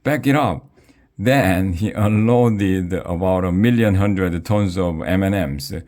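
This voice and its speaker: A man reading a children's book aloud with a playful, expressive narration. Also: sits low, takes it slowly.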